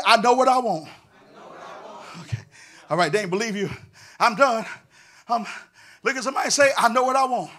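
A male pastor preaching a sermon in a church, moving into a sing-song, shouted cadence and calling on the congregation to answer back. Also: very high-pitched. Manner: call-and-response with the congregation. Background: music.

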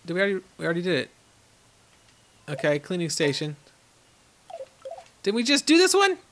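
A bright, keen-edged young man's voice, pitched a little above the usual for a man. He gives chatty game commentary, talks to the animals on screen and now and then bursts out loud. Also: a little fast, a little hiss or hum. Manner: excitable, talks to the animals, sudden loud outbursts. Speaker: gaming channel host.

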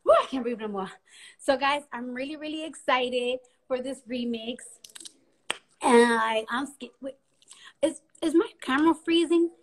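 Brief: young woman, bright high voice, nervous chatter on a phone live, loud and bubbly. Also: measured pace. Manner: giddy, nervous, rambling, loud laughs and squeals. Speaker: Instagram live co-host. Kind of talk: casual live-stream chat. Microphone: phone camera.

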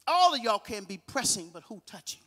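A man preaching a guest sermon in a church, calling on the congregation to repeat after him and swinging between hushed lines and shouted, half-sung ones. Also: sits high, big pitch swings, brisk, big-room sound. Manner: call-and-response preaching, shouting and half-singing. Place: church sanctuary.

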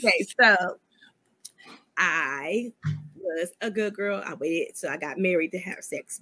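Husky woman, sassy and candid. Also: mid-range voice, fairly bright tone. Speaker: guest. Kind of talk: casual interview chat.

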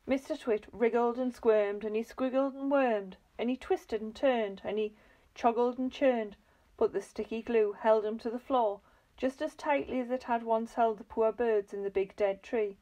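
A woman reading a children's book aloud in a lively, expressive storytelling manner. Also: a little high, normal speed, low-quality recording.

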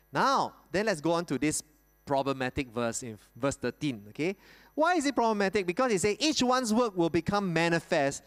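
Lively male pastor preaching in a hall. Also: a little high. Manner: explains scripture with rhetorical questions and repetition. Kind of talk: sermon. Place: church hall. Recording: reverberant church hall.

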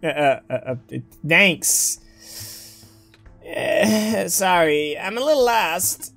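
A woman's voice: fairly low pitch, lively intonation, slow pace, a bit bright, soft background music, heavily acted. A woman voicing a lost young boy hero who talks hesitantly and stammers. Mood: nervous.

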